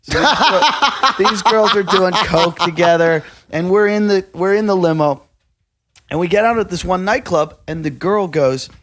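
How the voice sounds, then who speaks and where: Man hosting, telling a lively anecdote. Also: high voice, moderate pace. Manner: lively anecdotal storytelling, laughs through it. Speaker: podcast host. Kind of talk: casual podcast chat, storytelling.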